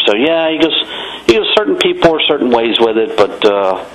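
A man hosting a casual interview, relaxed and chatty. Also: fairly low pitch, normal speed, rough recording. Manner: relaxed, chatty, frequent agreeing murmurs.

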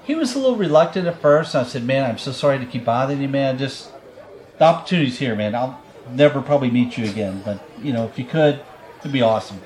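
Podcast host, man, casual rambling storyteller, swears freely, mid pitch. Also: expressive, fast, darkish tone. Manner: rambling, profane, laughs often.

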